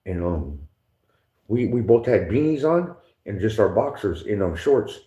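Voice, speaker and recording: Man, casual storytelling, slang and cursing, mellow tone, lo-fi sound. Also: on the low side, very animated, measured pace. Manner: slangy, profane, laughs often, mimics others. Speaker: podcast guest telling prison stories. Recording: echoey room, dull lo-fi sound.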